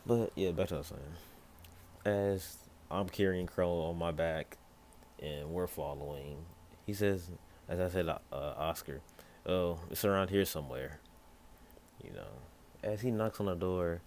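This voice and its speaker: Young man, very low voice, rambling fan-story teller, loose delivery with faint hiss behind. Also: measured pace, darkish tone. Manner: rambling, loose with fillers and "yada yada"; acts out other characters in brief pitch jumps. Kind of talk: casual improvised fan story.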